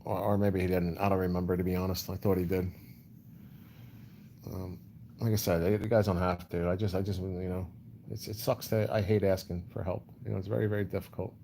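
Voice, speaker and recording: A man talks loosely to his livestream chat, answering comments one by one. His voice is low and dark, with little rise and fall. A faint background hum sits under the talk. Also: flat delivery, brisk, creaky. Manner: rambling, repeats "you know", answers chat comments. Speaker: livestream host.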